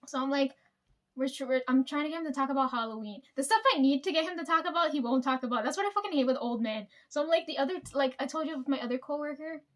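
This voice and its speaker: A woman's voice: sits high, fast talker. A young woman telling rambling, profane work stories to the camera and laughing often. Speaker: vlogger. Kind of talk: casual storytelling.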